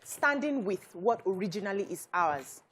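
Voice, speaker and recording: A woman's voice: mid-range voice, animated, normal speed, noisy background. A Nigerian woman talking as a TV panelist, explaining her point earnestly. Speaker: talk show panelist. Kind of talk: studio panel discussion.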